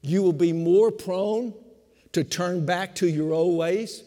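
An older man, a pastor of fifty years, preaching a sermon with emphatic repetition, slowing for stress and speeding through asides. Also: sits high, dark tone. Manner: emphatic preaching, repeats key phrases, shifts between slow stress and quick asides. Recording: long hall reverb.

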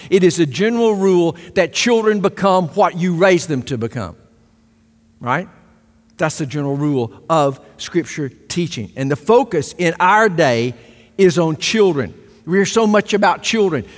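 A man's voice: on the high side, long reverb tail. A middle-aged man preaching a sermon, emphatic, repeating key phrases and asking the congregation for agreement. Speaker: pastor.

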